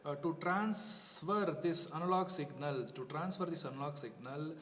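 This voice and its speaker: A man teaching a class in a fairly high voice, restating each point and checking with "okay" as he goes. The room has a long ringing echo, and he sounds set back from the mic. A faint hiss sits under his speech. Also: a bit bright, distant mic. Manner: repetitive, explains step by step with frequent "okay". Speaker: lecturer. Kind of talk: classroom lecture.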